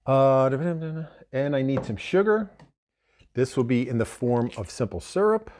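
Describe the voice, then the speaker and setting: A man talks through his cocktail recipes in an easygoing, meandering way. He wanders off on asides and corrects himself mid-sentence, with a voice of middling pitch. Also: lively intonation, measured pace, a little mellow. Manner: chatty, digressive, self-correcting. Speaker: bartender host. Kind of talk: casual cocktail demonstration.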